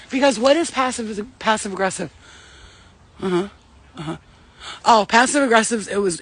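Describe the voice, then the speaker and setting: A woman delivering a brash, confrontational spiritual rant, swearing heavily. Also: on the high side. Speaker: spiritual vlogger.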